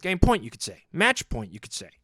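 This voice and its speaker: A man's voice: on the high side, wildly swooping pitch, a little fast, pushed and bright, dry recording, clean studio sound, full character voice. A man in his forties playing a hot-headed, overcompetitive sports dad in an improvised comedy podcast monologue, rambling and boastful and repeating himself. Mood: worked up. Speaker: podcast host in character.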